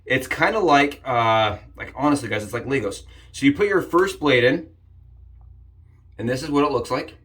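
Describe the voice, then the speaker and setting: A man hosting a casual shaving vlog, upbeat and jokey, rambling with frequent restarts and sudden excited jumps in pitch. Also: moderate pace. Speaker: shaving channel host. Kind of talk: casual shave demonstration vlog.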